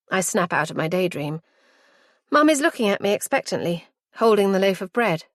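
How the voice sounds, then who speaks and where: A woman reading a first-person story in a reflective, measured way. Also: medium pitch, very animated, dry recording, studio quality. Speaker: audiobook narrator. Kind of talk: first-person audiobook narration.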